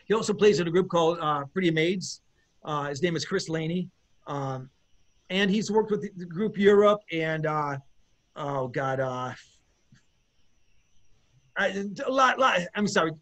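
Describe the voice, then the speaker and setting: A man, a bass player, chatting as an interview guest in a rambling, enthusiastic way with many fillers and restarts. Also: lively intonation, unhurried, pauses often, fairly bright tone. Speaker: guest musician, bassist. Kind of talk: casual interview chat.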